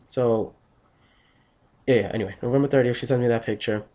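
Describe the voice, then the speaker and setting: A man's voice: medium pitch, steady tone, brisk, dark tone. A young man just out of bed, telling a story on his vlog in a blunt, rambling, heavily profane way. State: just woken up, tired. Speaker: vlogger.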